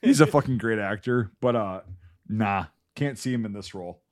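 A man's voice: on the low side, normal speed. An American man co-hosting a podcast in casual chat, blunt and laid-back, swearing freely. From United States. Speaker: podcast co-host.

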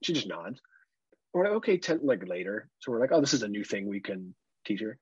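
A young adult man co-hosting a casual podcast, telling animated stories and swearing freely. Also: fairly low pitch, a little fast, breathy edge, no room sound, muffled recording. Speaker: podcast co-host.

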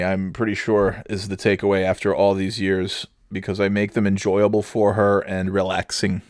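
A man's voice: low-pitched, flat delivery, normal speed, hardly any pauses, no echo. Rambling, self-mocking male podcast host. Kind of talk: casual comedic storytelling.

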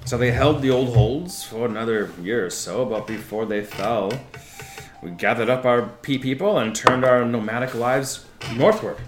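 A man narrating a tabletop game as game master, telling a character's backstory in a slow, drawn-out way with laughs and restarts. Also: medium pitch, roomy sound.

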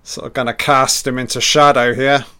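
A man's voice: medium pitch, little pitch movement, normal speed, pushed and bright, clear, resonant tone. A man giving a casual, profane, enthusiastic audio commentary over a film.

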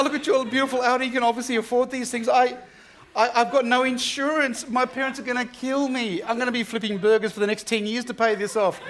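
A man's voice: very high voice, background noise, voice pushed up. A man voicing a panicky, poor young male art student who stammers and begs after a car crash. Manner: blubbering, stammering, begging.

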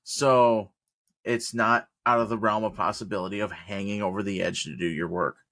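A man's voice: fairly low pitch, moderate pace, no echo. A man telling a work story in casual podcast chat, swearing freely and acting out what people said. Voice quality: profane, animated storyteller who acts out quotes. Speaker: podcast co-host; work crew boss.

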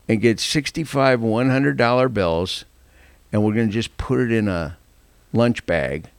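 Gravelly older man telling a story. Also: lowish voice, dry recording. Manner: animated, laughing, acts out quoted voices. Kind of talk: casual storytelling.

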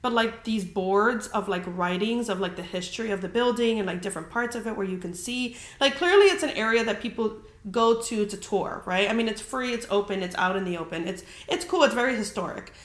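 Here the same kind of podcast host, a young woman, speaks in a mid-range voice at a fairly quick clip. Her storytelling is casual and packed with fillers, especially "like," plus plenty of swearing, all in an echoey room.

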